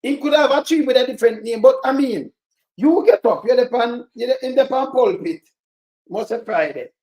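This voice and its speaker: A man's voice: very high-pitched, normal speed, a little mellow, echoey room, poor audio. A Jamaican man chatting casually on a live stream, greeting viewers by name and joking in patois.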